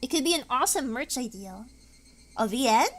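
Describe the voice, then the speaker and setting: Chatty young woman streamer, swooping pitch. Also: lively intonation, a little fast. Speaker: VTuber streamer. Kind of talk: casual live-stream chat.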